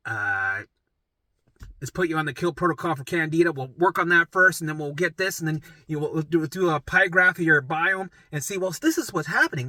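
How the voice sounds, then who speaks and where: A middle-aged man telling his own story in a rambling, profane, animated way, often asking "right?" and jumping into acted voices. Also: dry recording. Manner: acts out his own past voices in sudden pitch jumps. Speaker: vlogger sharing his recovery story. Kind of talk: casual storytelling monologue.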